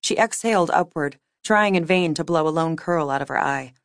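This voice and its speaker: A woman reading fiction aloud as an audiobook narrator, with measured, wry storytelling. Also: sits low, no room sound, clean studio sound. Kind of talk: scripted narration.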